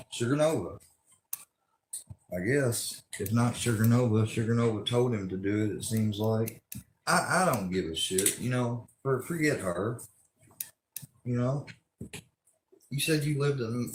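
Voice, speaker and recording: A man's voice: medium pitch, reverberant, slight background noise. A man, ranting angrily and with lots of profanity during a livestream. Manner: angry, profane, rambling rant.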